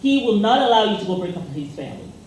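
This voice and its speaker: A woman co-host chatting casually and telling a story with plenty of fillers. Her voice sits at a middle pitch. The room is strongly echoey, with a faint hiss of noise behind her. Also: sing-song, very fast, darkish tone. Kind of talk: casual chat.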